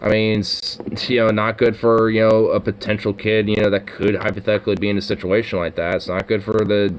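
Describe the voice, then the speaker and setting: A man's voice: lowish voice, level tone, fairly quick, a little hiss or hum. A man hosting a casual chat, rambling with lots of fillers and swearing. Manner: rambling, full of "you know" fillers, swears. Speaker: podcast host.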